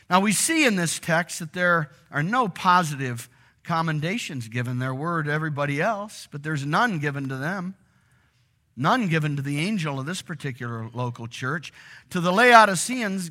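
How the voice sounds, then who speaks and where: A middle-aged man preaching a sermon to a congregation in a church, animated and often asking them questions. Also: on the high side. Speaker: pastor.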